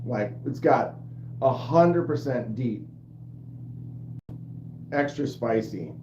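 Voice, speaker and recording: A man's voice: medium pitch, lively intonation, drawn-out words, long pauses, warm tone, reverberant, lo-fi sound, slight background noise. A man hosting a knife channel livestream, casually reading viewer comments aloud and joking, often breaking into giggles. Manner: jokey, breaks into giggling fits.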